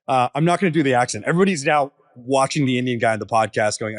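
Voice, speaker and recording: A man in his thirties, a startup founder, talking casually on a podcast with lots of fillers and quick asides. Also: medium pitch, no room sound, studio quality. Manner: casual, filler-heavy storytelling.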